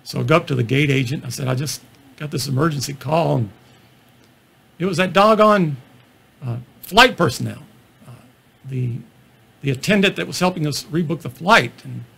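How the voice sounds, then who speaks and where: A man's voice: on the high side, moderate pace, gravelly, pauses often. A middle-aged man, a physician, telling self-deprecating travel stories as examples in a talk on comedy. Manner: self-deprecating storyteller, relaxed asides. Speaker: physician lecturing on stand-up comedy. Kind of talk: anecdotal presentation.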